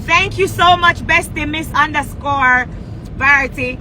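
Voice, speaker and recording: A woman's voice: high voice, a little slow, bright, forceful tone, slight background noise, rough recording. A woman with a Jamaican accent chatting on a livestream from a moving car, brash and hyped, trash-talking and laughing. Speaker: singer on a livestream. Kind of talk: casual livestream chat.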